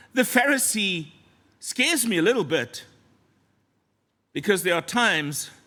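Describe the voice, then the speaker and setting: High, bright-voiced preacher. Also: male voice. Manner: earnest, storytelling, often drops to a soft low voice. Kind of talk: sermon. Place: church.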